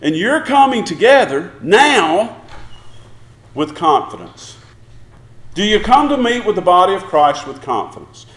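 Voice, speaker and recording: A man's voice: high voice, sing-song, measured pace, a bit bright, reverberant. A man preaching a sermon in a church, putting questions to the congregation and acting out short prayers. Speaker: pastor. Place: church sanctuary.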